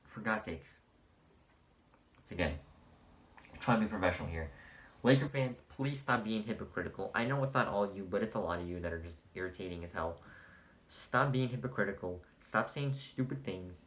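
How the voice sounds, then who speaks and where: A man giving a profane, exasperated sports rant as the host of a vlog, mocking opposing fans and breaking into shouted outbursts. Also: lowish voice, lively intonation, moderate pace. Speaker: sports commentator. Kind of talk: ranting vlog monologue.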